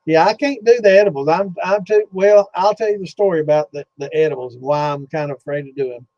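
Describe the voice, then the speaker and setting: A man's voice: a little high, quick pace, darkish tone, no room sound. Rambling, profane man telling stories. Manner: rambling, profane, full of fillers. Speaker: host of a distilling Q&A livestream. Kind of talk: casual storytelling chat. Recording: slightly dull lo-fi sound.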